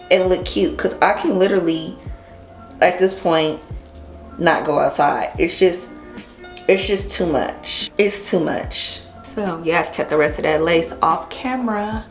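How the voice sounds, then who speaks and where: A woman hair vlogger tells an animated, chatty story while installing a wig and swears casually. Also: mid-range voice, measured pace, reverberant, faint music behind.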